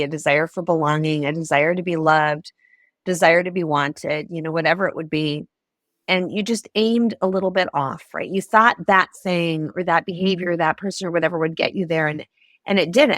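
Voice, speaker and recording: A middle-aged woman with a fairly low voice talks as a guest on a podcast. She is earnest and encouraging. The recording is close and dry. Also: dry recording. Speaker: podcast guest, ministry founder. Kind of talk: casual interview chat.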